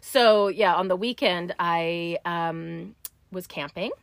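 A woman's voice: on the low side, slow, creaky, no room sound. Chatty woman telling stories, dry sound. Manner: chatty storyteller, animated voices for quoted people; many fillers like "like" and "um". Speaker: client sharing stories. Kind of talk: casual chat.

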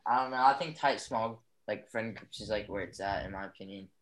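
A young man guest speaking in a laid-back, slangy way and trailing off quietly. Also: fairly low pitch, fairly quick, low-quality recording. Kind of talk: casual chat.

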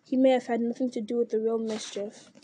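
A woman's voice: a little high, flat delivery, a little fast, warm tone, a little hiss or hum, lightly acted. A woman voicing a mocking, suspicious male orc captain who sneers and jeers at his rival in an audiobook reading. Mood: sneering.

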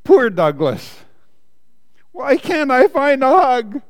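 A man's voice: sits high, sing-song, slow pace, no echo, full character voice. A man voicing a lonely young bear who wants a hug, in an eager, wistful storybook voice. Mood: pleading. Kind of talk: reading a picture book aloud.

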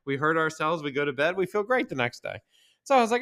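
A man's voice: fairly high pitch, big pitch swings, quick pace, fairly bright tone. A man hosting a podcast, telling a rambling, profane, self-mocking story with frequent laughs. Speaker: podcast host. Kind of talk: casual storytelling monologue.

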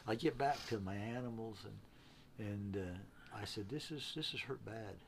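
A man with a somewhat low voice tells a personal story in an easy conversational way. He is plainspoken and earnest, and he often stumbles, repeating and restarting words as he goes. A faint hiss runs under the recording. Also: normal speed. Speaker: interview guest. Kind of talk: casual spoken storytelling.

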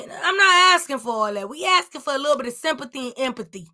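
A young woman hosting a podcast, ranting in anger, yelling and swearing. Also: sits high, expressive, quick pace. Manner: yelling, heated, profane. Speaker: podcast host. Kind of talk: angry personal rant.

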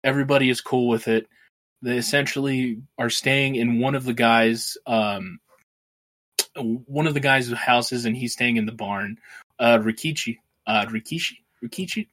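A man's voice: medium pitch, normal speed, a bit bright. Rambling man recapping a film. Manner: rambling, swears freely, laughs while retelling. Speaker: podcast co-host.

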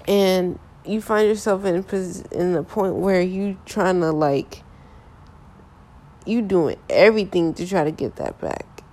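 A woman's voice: lowish voice, expressive, unhurried, darkish tone. A young woman talking candidly about her relationships in a casual, frank monologue full of filler phrases.

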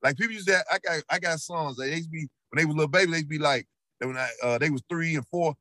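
Guesting on a casual interview, a middle-aged rapper with a Memphis Southern accent, from Memphis, Tennessee, tells stories earnestly, repetitively, and preachily. He speaks quickly in a fairly high, bright, forceful voice with lively intonation, and there's no room sound.

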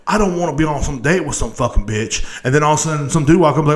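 A man's voice: a little high, lively intonation, racing, hardly any pauses. A young man hosting his own podcast, ranting in a crude, rambling and profane way. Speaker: podcast host. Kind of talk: casual rant.

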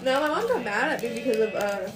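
A young woman, a guest on a casual podcast, chatting in relaxed, joking banter. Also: fairly high pitch, fast, rough recording. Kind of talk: casual chat.

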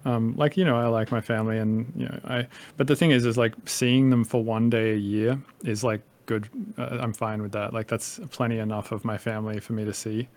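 A man's voice: on the low side, flat delivery, fairly quick, hardly any pauses, a little mellow. A man in his thirties from Australia with a light Australian accent, a podcast guest talking casually in a rambling way and swearing freely.

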